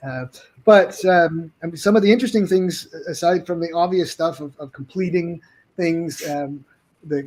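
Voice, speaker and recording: A man's voice: on the high side, a little mellow. A man, a game publisher guest, talking casually on a video call, friendly and rambling with frequent restarts.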